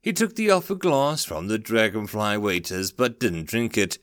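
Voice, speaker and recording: A male narrator reading a fantasy story with a very lively, animated pitch. His voice is smooth and resonant, and the recording is close and dry. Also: normal speed, no echo. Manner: expressive storytelling.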